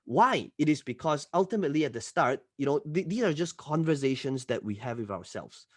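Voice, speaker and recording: A man who is a podcast guest and entrepreneur, telling stories in an animated, emphatic way and often tagging his points with "right?". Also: on the high side, fairly quick, no room sound, studio quality. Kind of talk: podcast interview storytelling.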